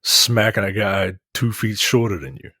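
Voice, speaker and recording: A man's voice: lowish voice, moderate pace, pushed and bright, no echo. A man co-hosting a casual film podcast, talking loosely and rambling, recorded close and dry. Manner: loose and rambling, with many restarts. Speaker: podcast co-host.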